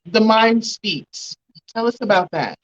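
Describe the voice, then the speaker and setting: A woman's voice: fairly high pitch, animated, takes it slowly, dull audio. A woman hosting a talk show, speaking at length and with feeling as she thanks her guest. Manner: emotional, grateful, talks at length. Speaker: host.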